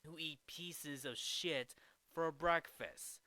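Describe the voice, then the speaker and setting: A man voicing a hot-tempered, cocky male golfer in a quick mocking impression while recapping a film. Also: a little high, sharp tone, no echo.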